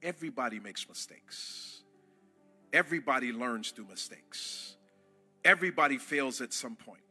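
A man preaching a sermon to a church congregation, impassioned, rising to shouts and calling on the crowd to answer. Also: mid-range voice, expressive, moderate pace, husky, faint music behind. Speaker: pastor.

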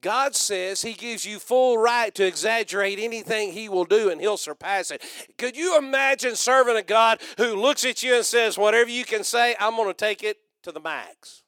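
An older man preaching a sermon, rousing and loud, calling out to the congregation. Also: sits high, normal speed, clear, resonant tone, dry recording, clean studio sound. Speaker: pastor.

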